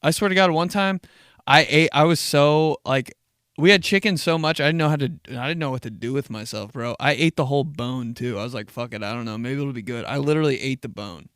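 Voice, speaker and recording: A man's voice: a little high, a little fast, a bit bright, clear, resonant tone, dry recording, studio quality. A man hosting a casual solo podcast, telling stories in a laid-back, profane way with frequent laughs. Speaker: podcast host.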